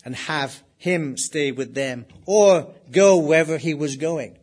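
Middle-aged guy preaching, slightly high voice, chatty, asks the crowd questions then answers himself. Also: takes it slowly, darkish tone. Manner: conversational, rhetorical questions, emphatic scripture reading. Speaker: pastor. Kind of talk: expository sermon.

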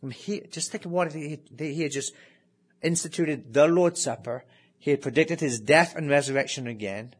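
A man delivering a sermon in a slightly high voice. He talks in an animated way, asks his listeners rhetorical questions, and sinks to a near hush to stress key words. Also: moderate pace, husky. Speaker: preacher.

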